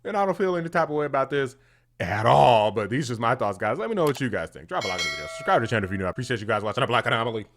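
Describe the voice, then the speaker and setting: A man's voice: mid-range voice, sing-song, rapid-fire, a bit bright, slight background noise. Mocking, laughing political commentary man. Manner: mocking, laughs often at what he hears. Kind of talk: opinionated reaction commentary.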